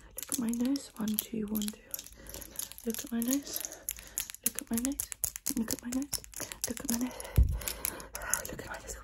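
A woman doing a chaotic whispered role-play, out of breath, repeating quick instructions close to the mic. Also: a little high, fairly even intonation, background noise. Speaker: ASMR creator.

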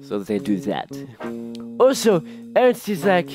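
A man's voice: medium pitch, wildly swooping pitch, measured pace, over music. A man hosting a casual vlog, summing up a musical in a sarcastic, jokey way. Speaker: host.

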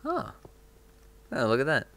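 Slow, gravelly man narrating gameplay. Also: mid-range voice, huge pitch swings, a bit bright, slight background noise. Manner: playful, chatting to himself. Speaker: gaming video host. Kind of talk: relaxed gameplay commentary.

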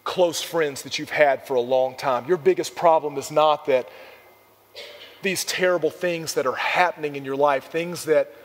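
Jesus, calm and tender, as a preacher quotes him. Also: male voice, fairly high pitch, normal speed, long reverb tail, lightly acted. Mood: earnest. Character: Jesus, gentle compassionate grown man.

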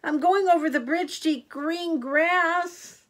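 An older woman putting on a tiny young billy goat from a storybook, squeaky and high, stammering as he pleads. Her voice jumps well above its usual pitch and gets loud and bright. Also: takes it slowly, heavily acted. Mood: pleading.

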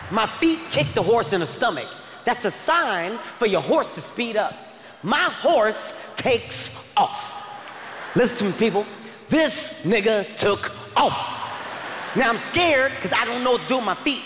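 High-voiced man shouting a comic story. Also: a little fast. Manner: loud, shouting, profane and animated. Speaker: comedian. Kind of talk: stand-up storytelling. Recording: echoey hall reverb, faint noise.

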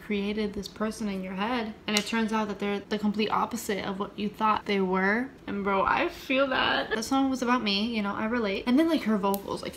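A woman's voice: mid-range voice, slight background noise. A young woman chatting casually and emotionally as she reacts to a new album, saying "like" constantly. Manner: gushing, emotional, heavy use of "like". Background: pop music playing.

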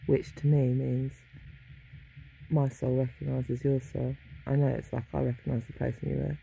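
A woman's voice: a bass voice, little pitch movement, normal speed, gravelly, dark tone, faint music behind, low-quality recording. A middle-aged woman talking in a meandering, self-interrupting monologue at home, with sudden swearing. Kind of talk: rambling monologue. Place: home, indoors.

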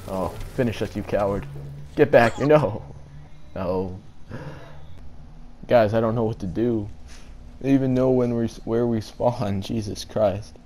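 Swearing, panicky gamer man, low voice. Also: normal speed. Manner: swearing, panicky, mock-dramatic. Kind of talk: let's play commentary. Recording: loud gunfire game audio behind.

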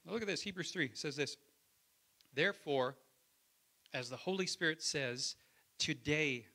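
A man preaching a Sunday sermon in church. His voice is bright and forward, and he keeps it conversational, calling out to the congregation for an amen. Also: a little high, a little slow, creaky. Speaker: pastor.

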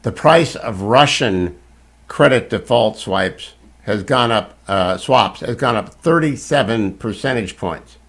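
A man's voice: lowish voice, expressive, takes it slowly, a bit bright, husky. A man hosting a talk radio show, delivering an emphatic, opinionated monologue with occasional stumbles.

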